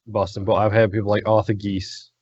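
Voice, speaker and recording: A man's voice: on the low side, level tone, a little mellow, slightly rough, dry recording. Chatty man, podcast co-host, filler-heavy, muffled dry mic. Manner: chatty, quick, many fillers like "like". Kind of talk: casual podcast chat about games.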